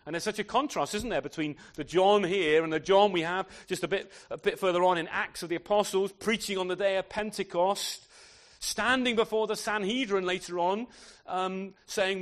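Male preacher, slightly high voice, conversational sermon full of rhetorical questions. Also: steady tone, moderate pace.

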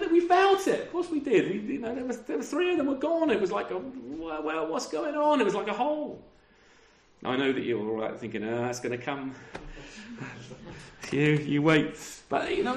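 A middle-aged man gives a sermon in a chatty, conversational way, often tucking a tag question onto the end of a point. His voice sits notably high for a man. The room around him is echoey. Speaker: pastor.

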